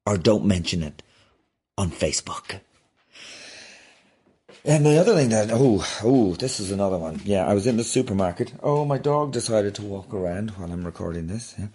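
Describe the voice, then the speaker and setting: A man, hosting a comedy podcast and ranting in an exasperated, animated way. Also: on the low side, moderate pace, husky. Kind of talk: comic rant.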